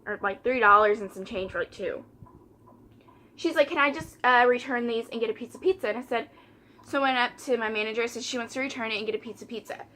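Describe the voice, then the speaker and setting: A woman's voice: a little high, quick pace, pushed and bright. A young woman, chatting casually while doing her makeup and retelling a story by quoting customers and coworkers. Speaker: vlogger.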